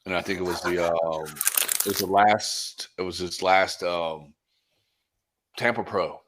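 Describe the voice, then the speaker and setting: A man with a very deep voice hosting a casual interview. He talks in a relaxed way, trailing off with "um" and "uh." A faint hiss sits under his voice. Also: takes it slowly. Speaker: interview host.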